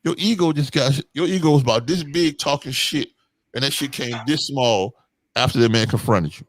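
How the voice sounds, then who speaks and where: A man's voice: mid-range voice, normal speed, no room sound. A man co-hosting a casual podcast chat, telling blunt, profane stories and acting out what he would say. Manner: blunt, profane storytelling with acted-out quotes. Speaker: podcast co-host.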